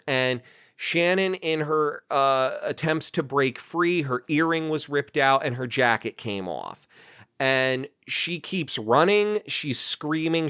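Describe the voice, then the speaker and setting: A man from New Jersey talks as a guest on an interview podcast, his voice sitting fairly high. He is animated and indignant and keeps dropping in "you know" and "like." The sound is dry and close. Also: smooth, dry recording.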